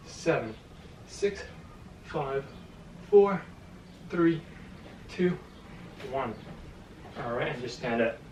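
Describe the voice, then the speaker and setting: A male boxing coach guides a stretching session, counting each hold aloud and dropping quick encouraging cues. He sounds slightly winded, and his voice sits a little high. It reaches the mic from across an echoey room with a faint background hiss. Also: distant mic. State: a little out of breath. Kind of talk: home workout instruction.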